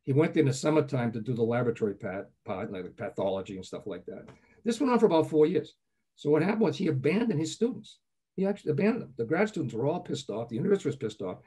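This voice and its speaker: An older man speaks quickly in a mellow, husky voice, and he tells chatty anecdotes as an interview guest. He keeps dropping little "okay?" checks into his talk. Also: mid-range voice, big pitch swings. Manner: chatty, anecdotal, frequent "okay?" asides, chuckles often. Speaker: guest, groundwater professor. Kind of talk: relaxed storytelling interview.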